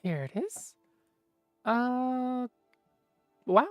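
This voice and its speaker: A woman's voice: fairly high pitch, lively intonation, drawn-out words, dry recording, soft background music. A woman streamer chatting casually with viewers, rambling and mumbling to herself with lots of fillers.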